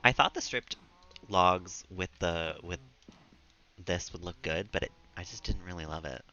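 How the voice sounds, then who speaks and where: A man's voice: sits low, a little slow, sharp tone. A man streaming a game from a room at home, chatting casually and giggling as he talks to his viewers and his pet. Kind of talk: casual live-stream gameplay commentary. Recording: slightly dull stream mic audio.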